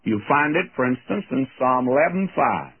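A man preaches on an old radio broadcast, his husky voice squeezed thin as if through a telephone. He reads scripture aloud, then explains it plainly in a sermon. His pitch rises and falls freely as he teaches. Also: animated, normal speed, narrow, tinny audio. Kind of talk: sermon, verse-by-verse Bible teaching.

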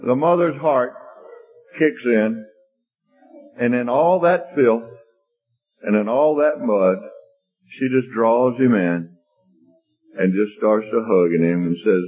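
A man's voice: mid-range voice, slow pace, pauses often. A man preaching a sermon with an emphatic, repetitive cadence, telling a homespun story and then leading a prayer. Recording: husky voice over tinny phone-like line with faint music.

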